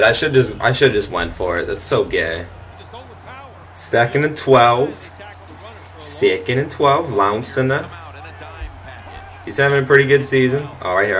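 A young man commentating his own football video game, frustrated and swearing, breaking into shouts and laughs at bad plays. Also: medium pitch, expressive, moderate pace, long pauses. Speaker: gaming channel host. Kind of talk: gameplay commentary.

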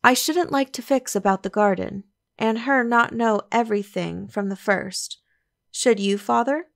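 A woman voicing a bright, playful young woman, an affectionate daughter, with a lively, coaxing manner in an audiobook reading. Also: a little high, a little slow, creaky.

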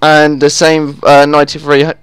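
Male gaming host, raised pitch, clean smooth voice; exasperated live play-by-play. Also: monotone, normal speed, no room sound. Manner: easily exasperated, groaning at the game. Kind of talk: live gameplay commentary.

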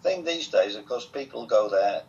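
A man's voice: medium pitch, animated, moderate pace, a little mellow. An older man from England with a Southwest Lancashire accent, telling stories as an interview guest in a chatty, wry way. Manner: chatty, wry, self-amused. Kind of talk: relaxed storytelling. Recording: dull lo-fi sound.

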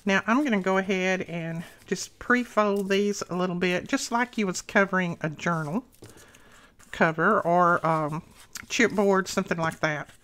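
A chatty woman walks viewers through a paper craft, talking as she cuts and glues. Her voice sits a little low, and she sounds slightly out of breath. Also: measured pace, fairly bright tone. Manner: chatty, talks to viewers while working. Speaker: craft channel host. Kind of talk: casual craft tutorial.

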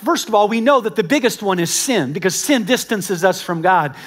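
A man with a notably high voice preaches to his congregation at a church service. He tells stories in an animated, conversational way and often turns to speak right to the people in front of him. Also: a little fast. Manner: animated storytelling with acted-out quotes; conversational, talks directly to the congregation. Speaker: pastor. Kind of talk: sermon.

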